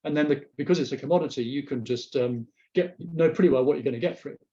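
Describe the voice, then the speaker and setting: A man gives a webinar presentation over his slides, his voice mellow and rather dark. He talks haltingly, circling back and repeating words as he hunts for the next phrase. The webcast audio is dull and lo-fi. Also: medium pitch. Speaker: guest speaker presenting slides. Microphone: remote webcast mic.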